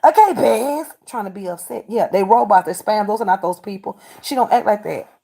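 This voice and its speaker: On her livestream of readings, a woman argues with her chat and berates them, saying things again for emphasis. Her medium-pitched voice is brisk, gravelly and warm.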